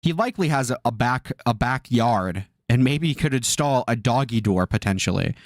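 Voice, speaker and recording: A man's voice: mid-range voice, animated, moderate pace, no echo, clean studio sound. A man in his twenties doing livestream commentary from his bedroom, ranting in an exasperated, profane way. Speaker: streamer. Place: bedroom with a fan blowing.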